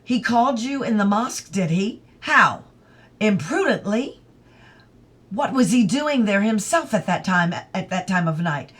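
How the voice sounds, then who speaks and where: A dictatorial young English official from an audiobook reading, lecturing in a raised, insistent tone, as a woman reader puts him on. His questions come sharp and clipped. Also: fairly high pitch, animated, takes it slowly, voice pushed up. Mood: suspicious. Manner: dictatorial, scolding.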